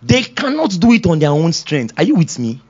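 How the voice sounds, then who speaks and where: Animated man preaching a sermon. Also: on the high side, normal speed, breathy edge. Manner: animated preaching, acts out voices, laughs often. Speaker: pastor. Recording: dull lo-fi sound.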